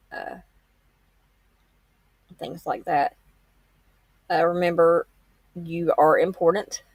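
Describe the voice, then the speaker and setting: Gravelly woman, rambling live chat. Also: fairly low pitch, darkish tone, no echo. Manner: rambling, frank, homespun. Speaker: true-crime livestream host. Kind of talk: casual livestream chat.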